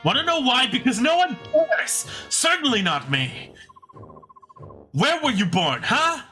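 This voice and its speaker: A man's voice: extremely high pitch, very animated, measured pace, bright, forceful tone, faint music behind, exaggerated voice. A man voicing a cruel, sneering female general from a fantasy game, mocking and contemptuous.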